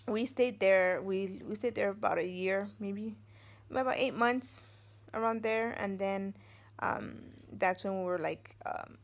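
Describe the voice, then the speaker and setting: A middle-aged woman talking to the camera at home, winding through a personal story in a loose, rambling way. Her voice has a gravelly, creaky edge at an ordinary pitch. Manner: rambling, meandering delivery. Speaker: vlogger. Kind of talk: casual storytelling.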